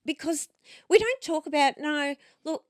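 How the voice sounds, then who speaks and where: A woman's voice: high voice, expressive, unhurried, no echo. Aussie woman podcast host, rambling chatty storyteller, dead dry studio sound. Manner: chatty storyteller, goes off on tangents. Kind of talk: casual chat. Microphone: studio microphone.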